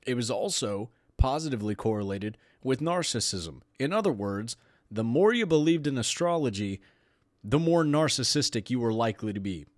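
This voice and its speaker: A man's voice: mid-range voice, animated, normal speed, no echo, clean studio sound. A man hosting a podcast, talking casually and sarcastically, often laughing while he reads aloud. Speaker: podcast host.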